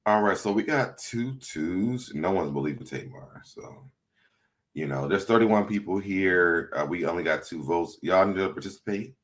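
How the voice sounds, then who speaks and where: A man's voice: low-pitched, moderate pace. A man hosting a casual livestream, chatty and laughing often as he reads viewer comments aloud. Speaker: livestream host.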